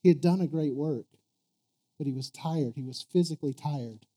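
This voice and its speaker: A man's voice: a little high, moderate pace, mellow. A man preaching a sermon who asks his congregation questions. He stumbles, restarts and repeats words, then rises to emphatic peaks.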